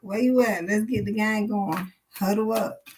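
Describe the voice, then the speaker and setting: A woman's voice: medium pitch, measured pace, heavy background noise. Blunt, profane woman reading tarot live. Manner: blunt, profane, animated, chatty with viewers. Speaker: tarot reader. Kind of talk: live-streamed tarot reading, casual talk to chat.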